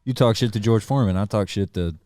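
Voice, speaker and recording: Fast-talking low male co-host. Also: background noise. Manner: curious, quick questions. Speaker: podcast co-host. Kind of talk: casual interview questions.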